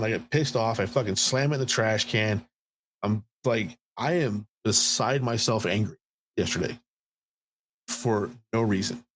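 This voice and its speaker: A man's voice: medium pitch, a little hiss or hum. A man in his thirties on a podcast, telling a story in a profane, heated way. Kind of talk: casual podcast chat.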